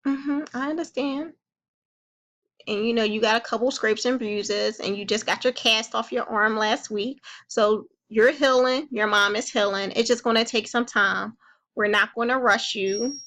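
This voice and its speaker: A woman playing a calm, caring counselor who gently comforts and reassures a young child in a role-played session. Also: medium pitch, creaky.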